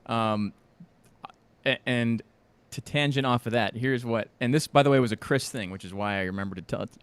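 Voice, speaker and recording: A man co-hosting a podcast in casual chat, animated and laughing often, slipping into impressions of people in his stories. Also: medium pitch, normal speed, clean tone, no room sound. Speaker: podcast co-host.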